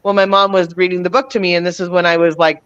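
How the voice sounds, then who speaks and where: A woman's voice: on the low side, little pitch movement, a bit bright, clear, resonant tone. A woman tells stories from her life in a loose, rambling flow. She often stops mid-sentence, starts over and slips in small laughs as she searches for the right words. The recording sounds dull and lo-fi. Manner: rambling, halting, with many restarts and self-corrections; laughs between phrases. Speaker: host. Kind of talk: casual personal storytelling.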